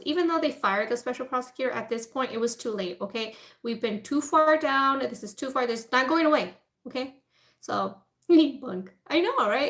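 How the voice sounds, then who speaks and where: A woman vlogger chats casually to her viewers while eating. Her voice sits a little high, and she talks informally, filling her story with "like" and "right?". She slips into quoted voices to act out the people she describes. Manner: chatty, informal, lots of "like" and "right?"; acts out people in quoted asides. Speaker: food vlogger.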